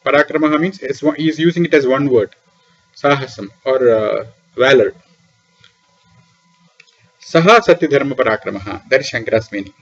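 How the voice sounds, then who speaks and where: Male lecturer, mid-pitched voice, asks then answers his own questions, muffled recording. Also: steady tone, a little fast. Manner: poses questions and answers them himself, repeats key terms. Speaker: lecturer on Vedic philosophy. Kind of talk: classroom lecture explaining scripture. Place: small room beside a temple library.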